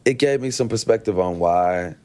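A young man, a musician, talking in a relaxed, reflective way during an interview, thinking aloud with plenty of fillers. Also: deep voice, moderate pace, clean tone. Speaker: musician guest. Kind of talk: casual interview talk.

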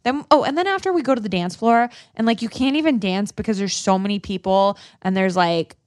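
A young woman in mid-range pitch talks fast and animated, dropping "like" constantly as a podcast co-host. The sound is dry and close to the mic. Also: no room sound. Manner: animated, heavy use of "like", quick asides. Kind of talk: casual chat.

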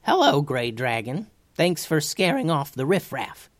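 A brisk, no-nonsense grandmother speaks high and bright, as a man voices her. Her pitch swings widely and the reading sounds dry and close. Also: very animated, no room sound. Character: quick-witted grandmother fairy helper.

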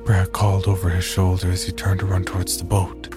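A man reads a horror story in a very low voice that barely moves in pitch. His delivery is slow, measured and somber, with faint music playing underneath. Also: monotone. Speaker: narrator. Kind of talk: scripted horror story narration.

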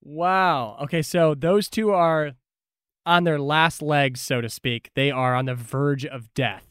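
A man's voice: a little high, a bit bright, smooth, no room sound, studio quality. A man narrating as game master, calling rolls and damage with light amusement. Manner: brisk, lightly amused rules calls.

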